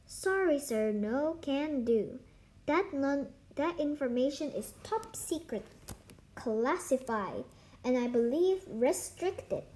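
A woman's voice: sits high, animated, slow pace, darkish tone, reverberant. A woman reading a story aloud, voicing a shy male library assistant who rambles and keeps correcting himself.

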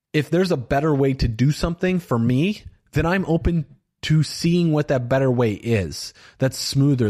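A man's voice: mid-range voice, darkish tone. A middle-aged man hosting a solo podcast, talking earnestly and loosely, with lots of fillers like "you know" and "like.". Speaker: podcast host. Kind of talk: solo self-reflection podcast monologue.

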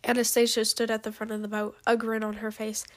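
A woman reading her story aloud in an amateur storybook reading, unhurried, with small slips and restarts. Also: a little high, monotone. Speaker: narrator.

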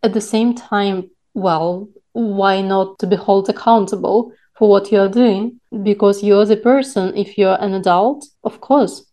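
A woman co-hosting a podcast, speaking in a measured, reflective way in casual chat. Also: medium pitch, steady tone, warm tone. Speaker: podcast co-host.

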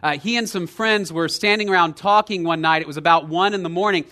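Bright-voiced male preacher telling a story. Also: brisk. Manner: lively storytelling, checks in with "right?"; swings from quiet, low emphasis to loud, raised retelling. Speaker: pastor. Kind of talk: sermon.

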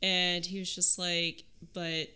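A woman's voice: lowish voice, measured pace, sharp tone, clean tone. A young woman co-hosting a podcast, retelling a film's plot in casual, chatty storytelling. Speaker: podcast co-host. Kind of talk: casual chat recapping a film.

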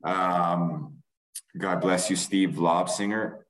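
A middle-aged man from Canada, a former athlete, telling a rambling, animated story on a podcast. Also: deep voice, takes it slowly, poor audio. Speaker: former pro lacrosse player, guest.

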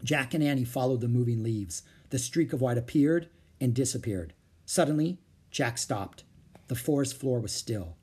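A man's voice: mid-range voice, moderate pace, darkish tone, breathy edge. A man reading a children's chapter book aloud, changing voices for the characters. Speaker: storyteller.

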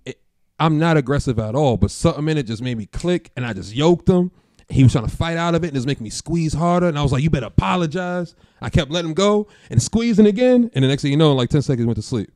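A man tells a story at a quick clip, his pitch jumping up and down as he acts out every line of dialogue. His voice sits a bit high for a man and sounds close and dry. He talks in relaxed street slang with an easy, unbothered swagger. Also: dry recording. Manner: animated storyteller acting out quoted dialogue; slangy, laid-back street talk. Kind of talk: casual chat.

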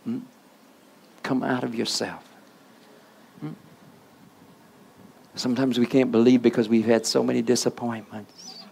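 Gravelly-voiced man preaching a sermon. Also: mid-range voice, level tone, unhurried, pauses often, darkish tone, a little hiss or hum. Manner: call-and-response asides to the congregation.

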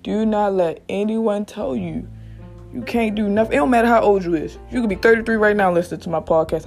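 A podcast host giving blunt, profane motivational straight talk, recorded alone at a quiet workplace late at night. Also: medium pitch, expressive, a little fast, vocal fry, soft background music. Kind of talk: motivational casual monologue. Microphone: single mic.

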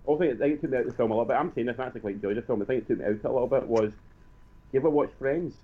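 A man co-hosting a casual film review chat, talking quickly and repeating words as he restarts. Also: mid-range voice. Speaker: podcast co-host. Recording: tinny phone-like line.

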